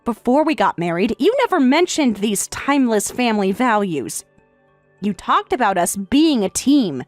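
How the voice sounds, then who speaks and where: A woman's voice: fairly high pitch, very animated, normal speed, no echo, soft background music. A synthetic woman's voice reading a tired young wife who answers back firmly and pointedly. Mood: defiant. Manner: firm, pointed replies. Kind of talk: text-to-speech story reading.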